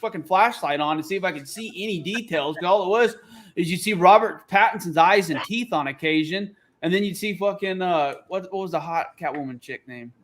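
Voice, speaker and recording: A man with a notably high voice riffs through casual podcast banter. He is opinionated, profane and animated, and he jumps from one take to the next. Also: fairly quick. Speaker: podcast co-host. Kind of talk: casual chat.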